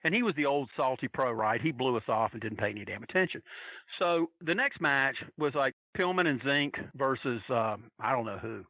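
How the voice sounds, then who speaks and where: A man on a podcast telling a long, animated, profane story with plenty of restarts. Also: medium pitch, moderate pace, dry recording, poor audio. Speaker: podcast guest telling a wrestling fan story. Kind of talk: casual storytelling.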